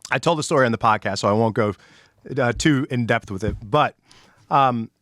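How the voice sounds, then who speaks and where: A middle-aged podcast host with a medium-pitched, slightly bright voice tells a story briskly in casual chat. He acts out the quotes and swears freely, and the studio-quality recording has no room sound.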